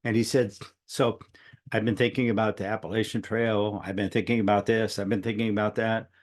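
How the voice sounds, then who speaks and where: A man's voice: on the low side, little pitch movement, fairly quick. A middle-aged man telling a long personal story in a casual, rambling way, often quoting what others said. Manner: rambling, conversational, quotes others at length. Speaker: speaker sharing a personal story.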